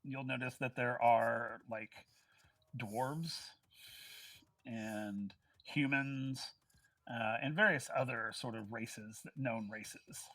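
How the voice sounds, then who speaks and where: A man narrating as game master of a tabletop game, chatty and animated, with many fillers. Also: medium pitch, takes it slowly, dry recording.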